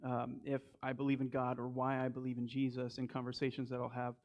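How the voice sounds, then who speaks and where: A man's voice: medium pitch, monotone, brisk, lo-fi sound. A man with a Southern US accent preaching a sermon in a conversational way, restarting and repeating words as he goes. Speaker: lay preacher. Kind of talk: sermon with a personal story.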